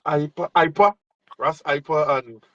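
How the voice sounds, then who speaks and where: Relaxed male host, dull dry sound. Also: a little high, a little slow, dry recording. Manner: relaxed, encouraging, hesitant restarts. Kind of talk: casual interview chat. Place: overseas, remote.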